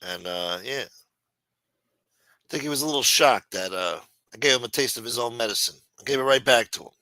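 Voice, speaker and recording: A man's voice: mid-range voice, expressive, normal speed, sharp tone, no room sound. A man hosting a casual late-night livestream, trash-talking a rival with profanity and greeting viewers in the chat by name. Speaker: livestream host.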